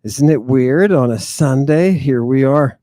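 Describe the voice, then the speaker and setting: A livestream host chats straight to his viewers in casual talk, with theatrical flair, saying many lines twice and addressing them like a congregation. His mid-range voice is dark and mellow, a little slow, and sounds close and dry with no room sound, though he is outdoors in the wind.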